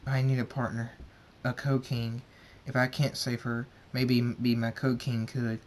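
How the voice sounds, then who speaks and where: A man's voice: medium pitch, flat delivery, unhurried, natural voice. A man voicing an earnest young male pony king in a subdued, plain way, in an amateur storybook reading. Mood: somber.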